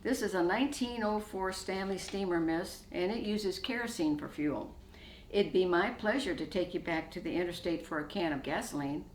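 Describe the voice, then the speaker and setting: A woman's voice: fairly low pitch, normal speed, echoey room, slight background noise, natural voice, rough recording. A woman voicing a polite, friendly young Irish man in old-fashioned clothes, courteous and calling her miss.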